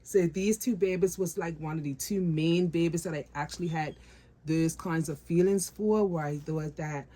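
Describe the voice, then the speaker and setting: A woman's voice: on the low side, fairly even intonation, normal speed, mellow. A woman vlogger talking casually to her viewers about her doll collection, repeating phrases for emphasis and calling them guys.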